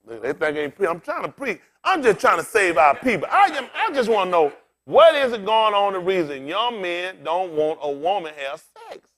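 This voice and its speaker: A man's voice: high-pitched, normal speed. A man preaching as pastor, telling jokes and talking straight to the congregation, bald and getting older. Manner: animated, joking with the congregation. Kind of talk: humorous conversational sermon.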